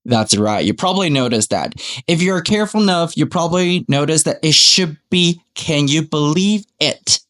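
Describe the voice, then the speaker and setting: A man's voice: on the high side, expressive, brisk, a bit bright. Man teaching English. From Taiwan. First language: Mandarin. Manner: explains step by step, models example phrases aloud. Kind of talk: podcast lesson on speaking skills.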